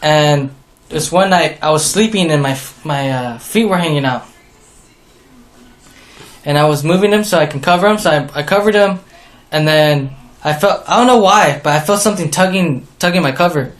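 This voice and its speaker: A young man co-hosting a podcast, slowly telling a scary story in casual, swearing talk. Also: fairly high pitch. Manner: rambling, slow, swearing storyteller. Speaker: podcast co-host. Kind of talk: casual chat.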